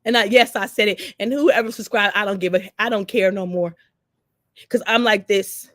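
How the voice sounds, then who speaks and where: A woman's voice: medium pitch, fairly even intonation, moderate pace, no echo, clean studio sound. An older woman, speaking earnestly in an emotional livestream monologue, repeating phrases and trailing off. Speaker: vlogger.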